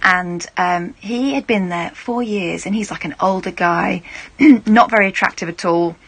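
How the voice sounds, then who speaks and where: A woman's voice: medium pitch, unhurried, fairly bright tone, dry recording. A woman, co-presenting a radio talk show in casual, wry chat. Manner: chatty, storytelling, wry asides.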